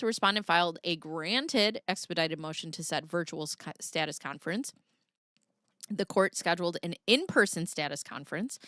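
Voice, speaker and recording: A woman's voice: lowish voice, a bit bright, no room sound, clean studio sound. A woman in her thirties reading court documents aloud on a live stream, breaking off for jokey asides. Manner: chatty, jokey, reads legal text aloud with asides. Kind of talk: casual live-stream commentary.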